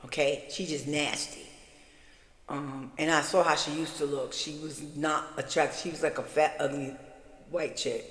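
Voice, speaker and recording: A woman's voice: deep voice, fairly even intonation, moderate pace. A woman telling her story in a casual vlog, rambling and chatty, speaking straight to her viewers. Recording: echoey room with long reverb.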